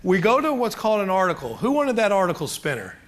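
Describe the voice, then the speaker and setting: Joking high-voiced man teaching a seminar. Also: wildly swooping pitch, fast talker. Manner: joking, chatty, asks the crowd questions. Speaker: real estate seminar speaker. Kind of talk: live seminar talk to an audience.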